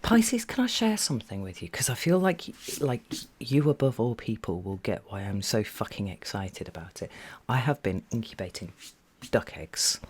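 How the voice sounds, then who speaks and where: A man giving a casual tarot reading, talking in a chatty, meandering way with many fillers and at times dropping to a soft half-whisper. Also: medium pitch, expressive, normal speed, few pauses, breathy edge. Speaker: tarot reader.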